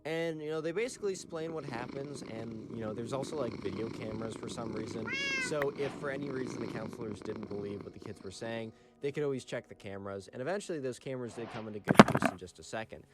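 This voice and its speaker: A man's voice: mid-range voice, fast talker, few pauses, heavy background noise. A man casually narrating a story, talking in a chatty way full of "like" and "right".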